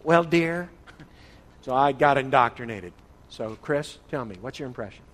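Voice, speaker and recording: A man from the northern United States leads an interactive church Bible study, calling on listeners by name in a playful way. His mid-range voice is brisk and a bit bright, and the room gives it a long hall reverb.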